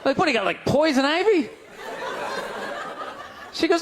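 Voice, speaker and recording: A middle-aged man doing a stand-up comedy set, ranting in an exasperated way and breaking into sudden shouts, at a comedy club. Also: very high voice, very animated, moderate pace, pauses often. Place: comedy club stage before a laughing crowd. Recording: live club recording, loud crowd laughter, noisy.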